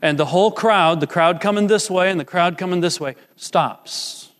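Animated male preacher in a reverberant hall. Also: sits high. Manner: animated preaching, emphatic, slows on key phrases. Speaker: pastor. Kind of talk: sermon. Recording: long reverb of a large hall.

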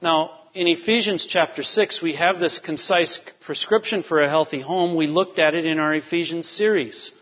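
Guy preaching a sermon, kinda high voice, lots of uh and you know, echoey dull church sound. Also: normal speed, few pauses. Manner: storytelling with many fillers. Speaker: pastor. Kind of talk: sermon with personal story. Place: church sanctuary. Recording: dull reverberant church hall. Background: long hall reverb.

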